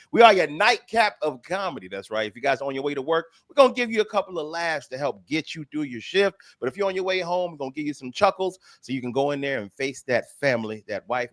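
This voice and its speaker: A man hosting a comedy radio show, introducing guests with hype and showmanship. His voice swings widely in pitch and sounds dry and close to the mic. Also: dry recording. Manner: hype showman, laughs along.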